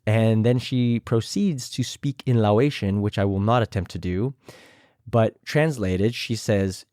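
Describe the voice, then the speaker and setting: A man's voice: a little slow, mellow, no room sound, studio quality. A young man hosting a podcast, casually recapping a reality show and sometimes imitating the people he quotes. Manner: chatty, mimics others in a higher voice.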